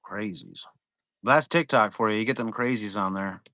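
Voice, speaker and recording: A man's voice: on the low side, moderate pace, bright, forceful tone, dry recording. A young man hosting a live card-break stream, chatting casually in a rambling, profane way.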